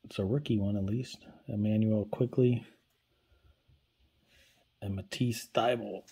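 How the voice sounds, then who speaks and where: A man opening basketball card packs on camera, commenting quietly and casually as he goes. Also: steady tone, unhurried, husky. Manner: low-key, talks quietly while handling cards.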